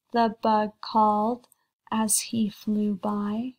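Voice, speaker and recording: Slow, gravelly-voiced woman teacher. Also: on the high side. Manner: reads slowly and deliberately, pausing between short phrases. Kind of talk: slow read-aloud lesson for children.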